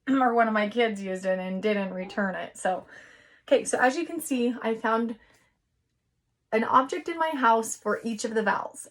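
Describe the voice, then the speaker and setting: A woman teacher giving a recorded lesson to young children, patient and encouraging, sounding out words slowly. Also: a little high, a bit bright.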